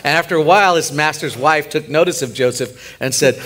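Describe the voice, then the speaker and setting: A man, a pastor co-leading a sermon, retelling a Bible story in an animated, joking way. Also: a little high, a little fast, a little hiss or hum. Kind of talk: sermon, co-preaching.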